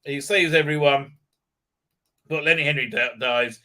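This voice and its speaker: Man, bright edgy voice, slightly high, profane mocking rant, lots of stammered fillers. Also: unhurried. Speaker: show host recapping a series. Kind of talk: ranting live-stream recap.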